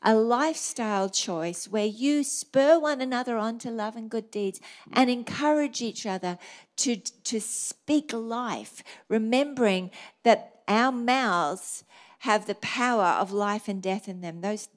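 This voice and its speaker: A middle-aged woman pastor preaching a sermon, telling stories in a lively, varied way. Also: fairly high pitch, a little slow.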